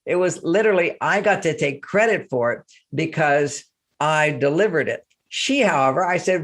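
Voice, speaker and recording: An older man, a relationship author, talking casually in an interview, animated and acting out quoted speech. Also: high-pitched, a little slow.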